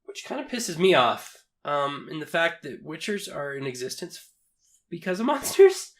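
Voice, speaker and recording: A man hosting a casual podcast chat, swearing freely and laughing between quick remarks. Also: on the high side, sing-song. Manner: laughing, profane, quick asides.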